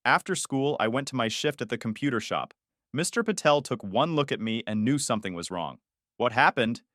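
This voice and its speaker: A young man narrating a first-person story in an even, reflective way. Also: medium pitch, brisk, no echo, studio quality.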